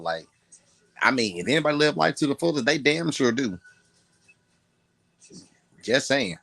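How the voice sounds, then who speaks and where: A man in a relaxed podcast chat, easing through a story with plenty of asides. His voice sits at an ordinary middle pitch. The sound is dry and close, with no room around it. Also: normal speed, vocal fry, long pauses, breathy edge, dry recording. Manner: laid-back storyteller with repeated asides. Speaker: podcast co-host. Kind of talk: casual chat.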